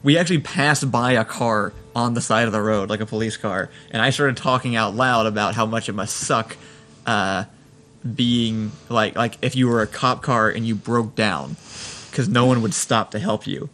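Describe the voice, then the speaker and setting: A man's voice: on the low side, moderate pace, fairly bright tone. Wry man telling an anecdote. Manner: wry, laughs while telling. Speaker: podcast co-host. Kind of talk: casual storytelling chat.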